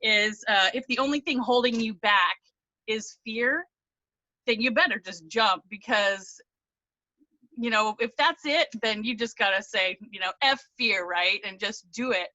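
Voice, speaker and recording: A woman's voice: fairly high pitch, unhurried, pushed and bright, no echo, muffled recording. A woman on a video call telling her story, earnest and close to tears, rambling with restarts. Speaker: team member sharing her story. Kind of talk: emotional testimonial on a video call.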